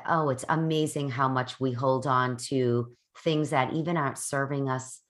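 A woman's voice: a bass voice, fairly even intonation, moderate pace. A woman podcast host in casual conversation, affirming and effusive toward her guest. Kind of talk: casual chat.

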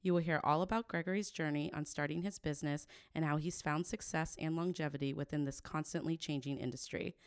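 Female podcast host, deep for a woman, supportive, dry recording. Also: steady tone, fairly quick, hardly any pauses, clean tone, dry recording. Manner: warm, encouraging, laughs often. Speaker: podcast host, wedding planner. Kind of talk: podcast interview.

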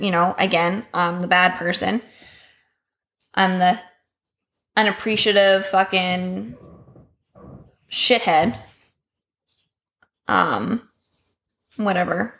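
A woman's voice: lowish voice, steady tone, slow pace, long pauses, fairly bright tone. A woman, a podcast guest telling a personal story in a candid, profane way, full of filler words. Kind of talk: casual storytelling.

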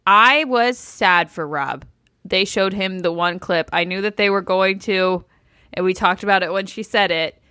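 A woman's voice: mid-range voice, unhurried, sharp tone, clear, resonant tone, no echo, studio quality. A woman co-hosting a podcast, chatting casually and bluntly about a reality show and swearing freely. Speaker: podcast co-host. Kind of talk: casual recap chat.

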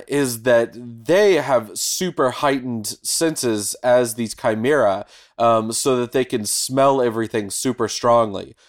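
Man casually retelling a show. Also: mid-range voice. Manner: animated retelling, acts out characters' lines, swears casually. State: has the hiccups. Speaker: podcast co-host recapping anime episodes. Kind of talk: casual chat.

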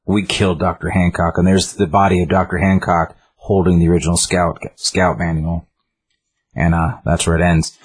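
A man with a deep, slightly husky voice talks through a comic book story in a loose, rambling way. He stumbles, restarts and fills gaps with "like" and "um" as he reviews it. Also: little pitch movement, normal speed. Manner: rambling, lots of fillers and restarts. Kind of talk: casual chat retelling a story.

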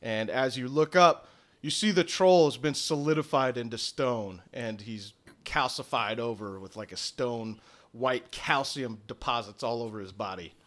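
A young man narrating a tabletop game as game master, with filler pauses. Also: mid-range voice, a bit bright.

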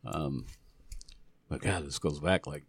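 An older man on a casual podcast, telling an old story in a hesitant, low-key way, slightly away from the mic. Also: slow pace, slight background noise.

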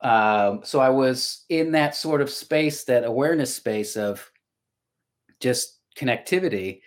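A man's voice: medium pitch, lively intonation, measured pace. A middle-aged man and voice actor talking casually as a podcast guest, reflective and storytelling, often restarting his sentences. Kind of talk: casual conversation.

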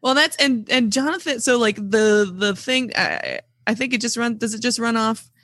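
A co-host on a movie podcast recapping a scene in a relaxed way and unsure of the details. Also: mid-range voice, normal speed, no room sound, clean studio sound. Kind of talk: casual movie recap chat.

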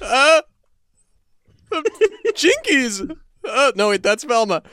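A man voicing a lanky, jittery young cartoon man, in a high, yelping voice full of "like"s. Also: big pitch swings, slow pace, pushed and bright, heavily acted. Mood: goofy.

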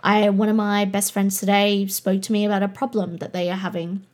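A woman's voice: medium pitch, level tone, fairly quick, darkish tone. Blunt, sweary Australian woman. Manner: blunt, candid, swears freely. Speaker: podcast host and life coach. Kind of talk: casual monologue.

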